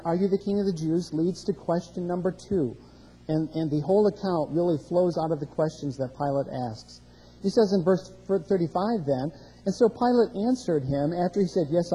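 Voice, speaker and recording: A man's voice: a little high, moderate pace, dark tone, husky, big-room sound, low-quality recording. A man preaching a sermon, walking through scripture verse by verse and rising in emphasis on key questions. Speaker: pastor.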